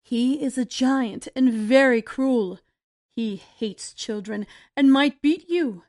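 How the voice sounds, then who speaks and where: A woman's voice: high voice, slow pace, darkish tone, no room sound, clean studio sound, pitched below the performer's own voice. A woman voicing a kind old woman, a giant's wife, in a storybook reading, with a kindly, fussing manner. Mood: urgent.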